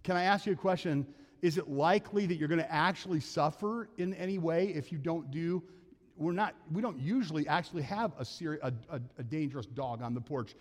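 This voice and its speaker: A man's voice: fairly high pitch, brisk. An older man preaching a sermon as pastor, telling earnest, folksy stories from his own life. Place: church sanctuary. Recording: long church hall reverb.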